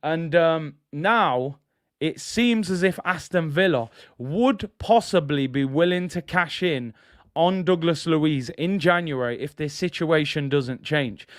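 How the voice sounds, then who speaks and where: Male streamer, chatty and slangy, slightly high, clean dry sound. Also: slow, no room sound. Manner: chatty, slangy, laughs at own jokes. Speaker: football channel host. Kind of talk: casual fan commentary livestream.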